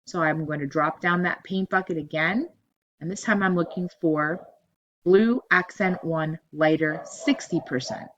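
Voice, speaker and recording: Woman, lowish voice, spreadsheet tutorial, step-by-step, repeats cell ranges, dull lo-fi mic. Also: unhurried, fairly bright tone. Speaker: teacher. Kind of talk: screen-recorded software tutorial.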